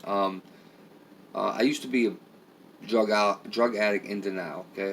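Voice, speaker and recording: A low, flat-voiced man talks frankly and confessionally, dropping "man" and "okay" as he goes. His voice sits back from the mic, with a faint hum of ambient noise behind him. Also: normal speed, gravelly, recorded from a distance. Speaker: channel host. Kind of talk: casual talk to camera.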